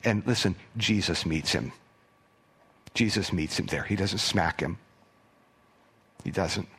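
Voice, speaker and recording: A man preaching a sermon as pastor in a conversational way, with stammered restarts, sometimes dropping to a hushed near-whisper for emphasis. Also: low voice, slow, breathy edge.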